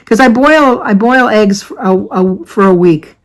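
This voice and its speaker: A woman's voice: mid-range voice, lively intonation, a little slow, low-quality recording. Older woman from the US, casual vlog chat, rambling and self-correcting. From United States. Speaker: vlogger.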